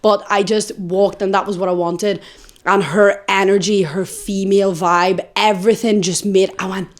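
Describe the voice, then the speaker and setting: A young woman co-hosting a podcast, telling a story in casual chat, animated and swinging from hushed to loud. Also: medium pitch, moderate pace. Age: young adult. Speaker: podcast co-host.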